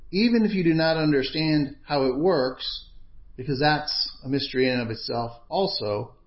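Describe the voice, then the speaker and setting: Earnest male preacher on dull audio. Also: a little high. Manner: earnest, measured, emphatic. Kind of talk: sermon.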